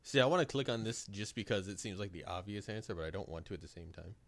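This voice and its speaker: A man's voice: on the low side, quick pace, gravelly, no room sound. A man playing a tabletop game with friends, chatting casually with playful, laughing quips. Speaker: player. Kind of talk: casual chat among friends.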